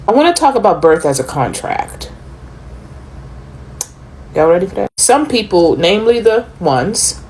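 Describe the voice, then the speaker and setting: Slow, deliberate woman with dramatic pauses. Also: on the low side, darkish tone, slight background noise, poor audio. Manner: dramatic pauses, sometimes dropping almost to a whisper. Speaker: commentator.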